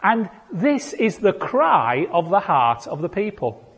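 A high-voiced British man preaches slowly and earnestly, swelling into fervent pleas. His voice is husky. It rings with a long reverb in a church hall. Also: sing-song, a bit bright. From Britain. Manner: earnest, building to fervent crying out. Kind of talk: sermon.

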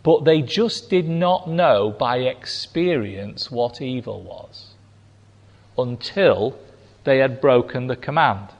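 A man preaching a sermon, slow and emphatic, acting out quoted lines with big swings in pitch. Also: expressive, muffled recording. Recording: long hall reverb.

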